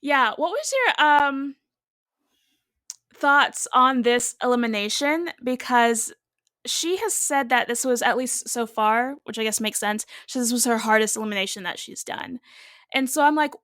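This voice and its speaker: Bright, dry-sounding chatty woman co-host. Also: on the high side, dry recording. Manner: chatty, laughs often, quick reactions. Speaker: podcast co-host. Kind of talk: casual recap chat.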